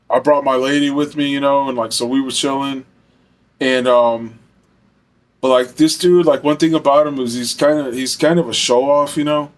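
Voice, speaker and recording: A young man telling a personal story in a casual, rambling way, full of fillers and swearing. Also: mid-range voice. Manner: rambling, heavy fillers, profane.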